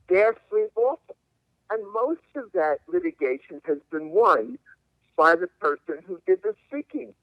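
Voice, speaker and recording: An older man with a high, lively voice argues like a lawyer, leaning hard on his points. He comes through a tinny, dry phone line. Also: no room sound. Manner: emphatic, argumentative, lawyerly. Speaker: civil liberties attorney guest. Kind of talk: interview answers by phone. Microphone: telephone.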